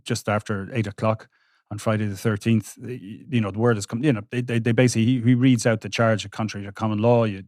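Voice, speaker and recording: A man, a court reporter recounting trial testimony on a podcast with halting restarts. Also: on the low side, fairly even intonation, darkish tone, no echo, clean studio sound. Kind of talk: podcast discussion.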